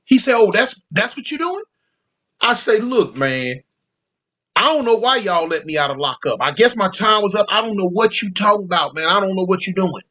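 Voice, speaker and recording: Slangy high-voiced man telling a story. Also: brisk. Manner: slangy, animated, acts out quoted voices. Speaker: storyteller recounting prison life. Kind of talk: casual storytelling monologue.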